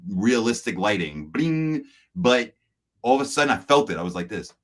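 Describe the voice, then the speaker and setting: A man's voice: lowish voice, very animated, normal speed, fairly bright tone. A man hosting a podcast, chatting casually and telling stories, acting out the voices of people he quotes and laughing often. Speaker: podcast host.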